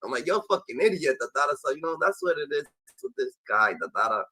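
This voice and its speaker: A man's voice: medium pitch, big pitch swings, quick pace, bright, forceful tone, breathy edge, low-quality recording. A man hosting a live stream, rambling and scolding, often trailing off with "da, da, da.". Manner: profane, scolding. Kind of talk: heated casual live-stream talk.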